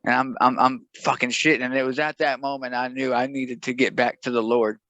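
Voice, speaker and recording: A man's voice: mid-range voice, flat delivery, a little fast, fairly bright tone, no echo, muffled recording. A young man telling a rambling, profane, jokey story in a casual podcast chat.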